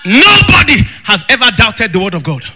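High, bright-voiced preacher. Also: male voice, huge pitch swings, normal speed, slightly rough. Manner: fervent preaching with shouted bursts and speaking in tongues. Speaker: pastor. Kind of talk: sermon. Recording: long reverb with faint music.

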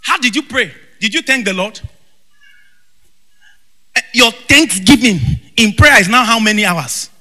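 A man preaching a fervent sermon, shouting in bursts and breaking into tongues. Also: sits high, lively intonation, measured pace, long pauses. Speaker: pastor. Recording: long reverb with faint music.

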